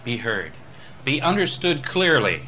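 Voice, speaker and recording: A man with a bright, forceful voice gives a lecture on using the voice. He swings between quiet asides and loud, high demonstrations. A faint hiss of noise sits under the recording. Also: sing-song, a little slow. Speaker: spiritual voice teacher.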